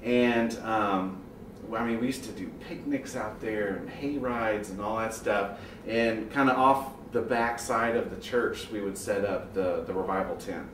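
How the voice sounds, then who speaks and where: A man's voice: on the low side, measured pace, fairly bright tone, recorded from a distance, a little hiss or hum. A man thoughtfully recalling revival meetings from his childhood in an interview. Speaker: choir member. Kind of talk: reflective interview talk. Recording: roomy, off-mic with faint ambience.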